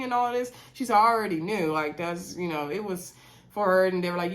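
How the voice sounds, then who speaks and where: A woman casually recapping a reality TV show, chatty and animated, with many fillers. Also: fairly high pitch, fairly quick. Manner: chatty, animated retelling with lots of "um" and "y'all".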